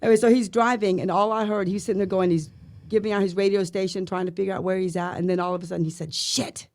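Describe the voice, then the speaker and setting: A woman's voice: medium pitch, rapid-fire. A middle-aged woman, a guest on a podcast, telling a long anecdote and mimicking the sounds in it. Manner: lively storyteller who mimics sounds and voices. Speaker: guest, surviving spouse of an officer.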